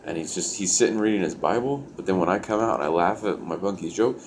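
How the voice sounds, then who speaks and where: A man's voice: sits low, animated, quick pace, a little hiss or hum. A young man telling a personal story in a loose, profane way, full of "like" fillers. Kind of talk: casual storytelling.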